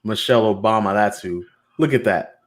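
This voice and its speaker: Low-voiced joking male podcast host. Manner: joking, playful, drawn-out shout-outs. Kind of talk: casual live podcast banter.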